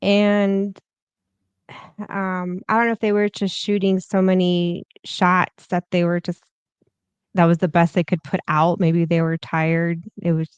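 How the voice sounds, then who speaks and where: A woman co-hosting a casual film review chat. She talks in a measured, easygoing way and fills her pauses with "um". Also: on the low side, level tone, clean tone, no room sound. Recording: dull, lo-fi audio.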